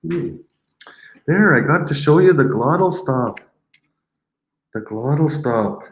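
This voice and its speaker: Guy teaching a language class online, says words over and over real slow, jokey, echoey room. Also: medium pitch, expressive. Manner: patient, repeats words slowly for learners; playful, teasing asides. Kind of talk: live-streamed language lesson.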